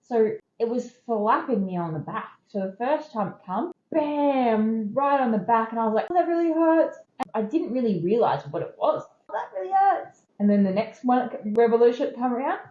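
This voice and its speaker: A woman in her thirties with an Australian accent hosts a podcast, candidly telling personal stories in a conversational, emphatic way. Her voice is a little high and darkish in tone, with lively intonation at normal speed. The room sounds echoey and the highs are cut off.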